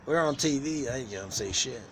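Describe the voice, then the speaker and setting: A man voicing his birds as rude, suspicious creatures afraid of the phone, with birdsong loud around him. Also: mid-range voice, lively intonation, fairly quick, voice pushed up, lightly acted. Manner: crude, suspicious. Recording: noisy with birdsong.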